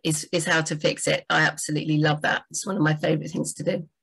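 A woman's voice: deep voice, flat delivery, quick pace, gravelly, fairly bright tone, breathy edge, low-quality recording. A woman, a book doctor, giving enthusiastic, chatty writing advice on a livestream. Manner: enthusiastic, chatty, frequent fillers.

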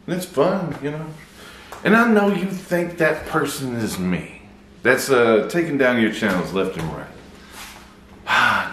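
A male YouTuber delivering a mocking call-out vlog, taunting and deliberate. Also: medium pitch, a bit bright, echoey room, a little hiss or hum.

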